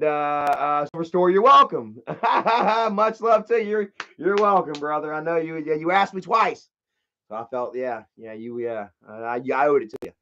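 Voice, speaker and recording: A high-voiced man rambles through a story on his live stream, swearing freely and stumbling over restarts. His loud quoted outbursts cut through muffled, lo-fi audio. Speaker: livestreamer.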